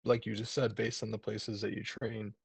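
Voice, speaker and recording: Male guest on a video call, gravelly and husky, rambling and casual. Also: on the low side, flat delivery, moderate pace, dry recording. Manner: rambling, many fillers and restarts. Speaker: guest, jiu-jitsu brown belt.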